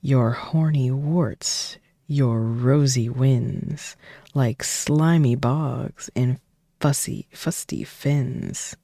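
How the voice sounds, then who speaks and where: A streamer voicing a princess from a storybook, reading slow rhyming lines of love in a soft, half-whispered way. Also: mid-range voice, vocal fry, no room sound, clean studio sound, full character voice. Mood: adoring. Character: ogre-loving princess, adoring and gushing.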